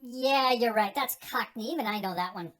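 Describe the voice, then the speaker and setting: A man's voice: very high voice, moderate pace, fairly bright tone. A man voicing a stoned male party guest who slurs and tries silly accents. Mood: goofy.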